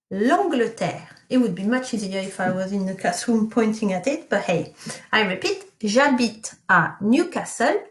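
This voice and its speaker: A woman teaching a recorded lesson, sounding out model sentences slowly and carefully. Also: medium pitch. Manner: slow, careful enunciation of French model sentences. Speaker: French teacher. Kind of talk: recorded remote language lesson. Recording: echoey room.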